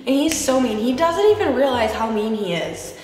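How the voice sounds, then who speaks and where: A woman's voice: sits high, sing-song, moderate pace, a little mellow. A pregnant young woman vlogging in a mock reality-show confessional, whiny and dramatic as she complains. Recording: echoey room with music behind.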